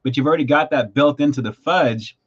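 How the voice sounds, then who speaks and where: Male food-review host on a livestream, excitable and gushing, slightly muffled desk-mic recording. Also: on the high side, brisk, breathy edge.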